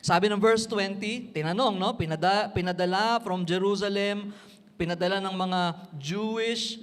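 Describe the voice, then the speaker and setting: A man's voice: high voice, moderate pace, fairly bright tone, clean tone, in a large hall. A man with a Filipino accent preaching an emphatic sermon in a church, mixing English and Tagalog. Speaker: pastor.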